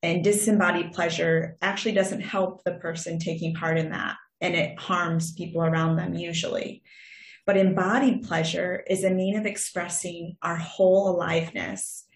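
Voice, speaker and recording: A woman co-presenting a webinar, delivering prepared points in an even, read-aloud way. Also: on the low side, normal speed, echoey room, poor audio.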